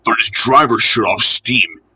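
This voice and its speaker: Storybook narrator, man, bright and slightly husky, with a lively, animated delivery. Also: mid-range voice, unhurried, rough recording. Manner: expressive, lively reading.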